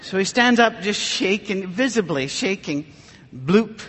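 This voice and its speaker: Humorous preacher in a reverberant hall. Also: male voice, high voice, expressive, measured pace, fairly bright tone, a little hiss or hum. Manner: dry self-mocking humor, anecdotal. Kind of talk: humorous sermon with storytelling.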